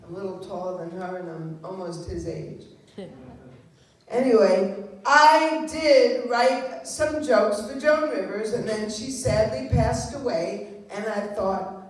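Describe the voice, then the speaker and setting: A woman's voice: medium pitch, slow. A woman doing a wry, self-deprecating stand-up set on a club stage. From Long Island, New York. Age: 70s. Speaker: stand-up comedian. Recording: roomy club sound heard from far off.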